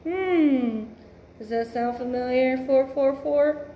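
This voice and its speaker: A woman's voice: high-pitched, slow pace, reverberant, muffled recording, slight background noise. A woman giving a casual tarot reading, blunt and emphatic, swearing freely and musing aloud. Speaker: tarot reader.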